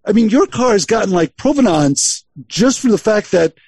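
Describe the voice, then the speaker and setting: High lively voice, husky guy hosting a chat, stammers a bit, dry sound. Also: no room sound. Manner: halting, stammers while framing questions. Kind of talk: casual chat.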